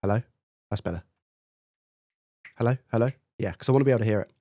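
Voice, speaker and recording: A man's voice: on the low side, fast talker, mellow, no echo. A man hosting a live stream in casual chat, thinking aloud and testing his microphone up close with repeated checks. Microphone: studio dynamic mic, close up.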